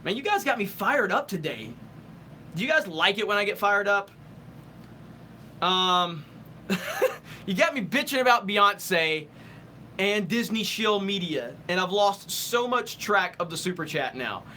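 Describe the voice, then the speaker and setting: A man's voice: sits high, sing-song, measured pace, pauses often, pushed and bright, a little hiss or hum. A young man hosting a live stream, answering super chats in a heated, profane rant and stumbling over restarts while he thinks.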